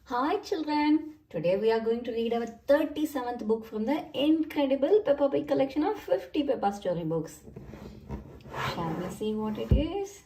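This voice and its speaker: A woman reading a picture book aloud to children, slow, clear and friendly. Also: on the high side, big pitch swings, distant mic, noisy background. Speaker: storybook reader.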